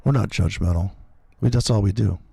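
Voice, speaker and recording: A man's voice: fairly low pitch, fairly quick, vocal fry, dark tone, breathy edge. A man hosting a casual livestream, rambling and profane as he calls the markets. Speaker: host, forex trader.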